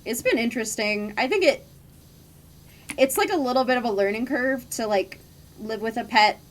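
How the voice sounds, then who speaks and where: A woman's voice: on the high side, animated, moderate pace, slight background noise. A young woman chatting casually while streaming a game, laughing often and swearing offhandedly. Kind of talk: casual gaming stream chat.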